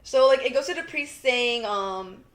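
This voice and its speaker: Young woman, podcast co-host, casual rambling recap, lots of "like", voice a touch on the high side. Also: unhurried. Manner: rambling, animated retelling, constant "like" fillers. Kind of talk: casual chat recapping a TV drama.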